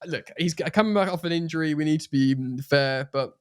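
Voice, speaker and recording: A man from England chatting casually about football on a podcast, animated and quick to swear. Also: a little high, smooth, dry recording, clean studio sound. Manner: animated, swears freely, puts on playful accents. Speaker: podcast co-host.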